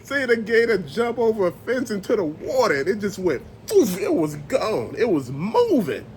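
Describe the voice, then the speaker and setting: A storyteller host tells a creepy tale in casual spoken storytelling, using loose, profane everyday talk and adding little voices and sounds. His voice sits high for a man, leaping with huge pitch swings at normal speed, over a faint background hiss.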